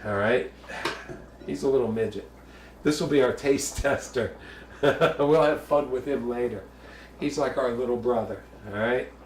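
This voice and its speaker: A man's voice: medium pitch, unhurried, roomy sound, recorded from a distance, a little hiss or hum. A man from the Bronx, hosting a casual home cooking show, chatty and jokey with bawdy asides. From the Bronx, New York.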